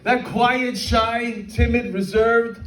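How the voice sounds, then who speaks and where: A man's voice: very high voice, steady tone, takes it slowly, slight background noise. A man in his fifties doing a brash, streetwise stand-up comedy set, peppering his lines with "man". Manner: brash, streetwise, lots of "man" and shouted impressions. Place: comedy venue with live audience. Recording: echoey room, mic heard from far, crowd laughter.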